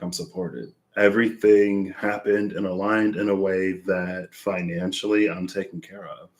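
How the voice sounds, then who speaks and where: A man doing a tarot reading, thinking aloud in a rambling, searching way with lots of fillers. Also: low voice. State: out of breath. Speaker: tarot reader. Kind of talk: reflective casual monologue.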